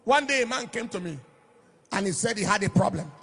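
Gravelly preaching man, high and husky. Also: lively intonation, fairly quick. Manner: emphatic preaching, shouting and lilting on key phrases. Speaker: pastor. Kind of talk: sermon.

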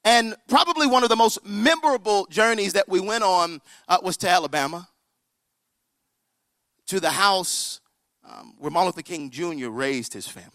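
Animated, high-voiced male storyteller. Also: normal speed, no room sound, clean studio sound. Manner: animated storyteller, drops to a whisper for drama. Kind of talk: storytelling sermon to a live audience.

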